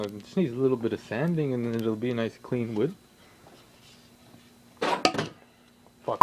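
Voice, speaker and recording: A young man rambling casually in his home workshop, swearing a lot and breaking into sudden loud outbursts. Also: fairly high pitch, very noisy. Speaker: vlogger.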